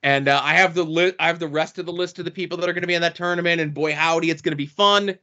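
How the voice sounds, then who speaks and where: A man's voice: fairly high pitch, racing. A man co-hosting a podcast, chatting casually with lots of fillers. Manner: relaxed, filler-heavy banter. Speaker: podcast co-host. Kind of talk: casual chat. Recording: dull lo-fi podcast audio.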